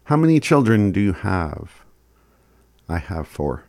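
Slow, deep-voiced man teaching phrases. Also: sing-song, darkish tone, dry recording, studio quality. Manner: chuckles often, sounds out words slowly. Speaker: language teacher. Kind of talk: casual recorded lesson.

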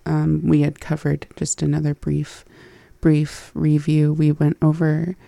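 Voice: medium pitch, monotone, unhurried, vocal fry, warm tone, dry recording. A learner reviewing phrases from a language lesson, hesitant and laughing at their own slips.

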